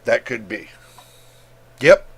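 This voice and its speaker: A man hosting a tech livestream as a reviewer, talking in a heated, emphatic way and repeating words for stress, with an occasional cough. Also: slow pace. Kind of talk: casual livestream rant.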